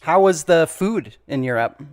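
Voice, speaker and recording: A man with a fairly high voice hosts a casual interview over a video call. He feels his way through questions, stopping and restarting with "uh", and sounds friendly and relaxed. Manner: halting questions with many "uh" restarts. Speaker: interviewer and touring artist.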